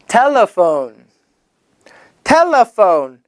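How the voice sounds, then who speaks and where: Lively sing-song children's English teacher, man. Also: high voice, dry recording. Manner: animated, sing-song, drawn-out repetition of words. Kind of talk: children's vocabulary lesson.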